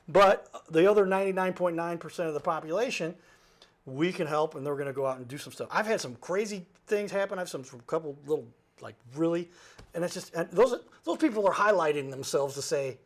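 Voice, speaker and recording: Here a guest who normally hosts a talk show tells a loose, meandering story in a brisk, slightly high voice. Animated throughout, he hops from aside to self-correction and chuckles mid-sentence.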